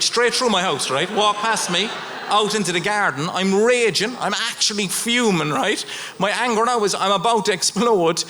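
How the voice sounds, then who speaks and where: A middle-aged Irish man performing stand-up comedy, telling a story with swings from low mutters to high outbursts. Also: bright, forceful tone. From Ireland. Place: live stage.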